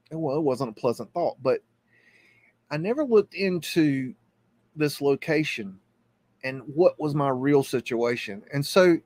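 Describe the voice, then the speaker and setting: A middle-aged man hosting a live stream, telling a personal story in a halting, earnest way. He restarts and repeats words as he goes, and points things out on a map. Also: on the high side, a little mellow, no echo. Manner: tells the story while pointing at a map on screen. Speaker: host.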